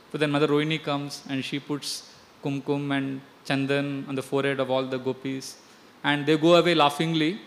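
An earnest man tells a devotional story with a slightly high voice, now and then restarting his words. A long hall reverb trails every phrase. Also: a bit bright. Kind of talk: devotional storytelling, chanting verses.

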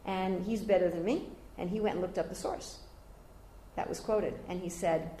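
An older woman giving a devotional scripture class, telling stories lively and raising her voice high whenever she quotes others. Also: moderate pace, a little hiss or hum. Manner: animated storyteller, jumping high when quoting others. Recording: roomy echoey room.

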